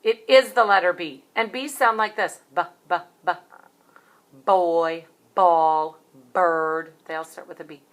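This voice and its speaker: Woman, preschool teacher, slow and deliberate, lowish voice, cheerful, encouraging. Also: fairly even intonation. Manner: cheerful, encouraging, speaks slowly to young children. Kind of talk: children's phonics lesson.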